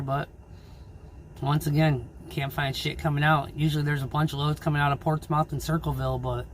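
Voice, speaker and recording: A man who drives his own truck, ranting angrily and swearing in a casual vlog about low freight rates. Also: slight background noise. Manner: angry, swearing, frustrated. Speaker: owner-operator truck driver.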